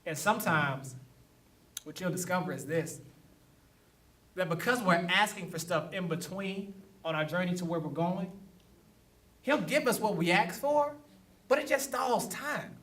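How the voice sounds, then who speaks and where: The sermon comes from a male pastor whose voice sits high and is a bit bright, unhurried and full of long pauses. He talks conversationally, laughs now and then and acts out quotes. It's recorded from afar in an echoey church sanctuary.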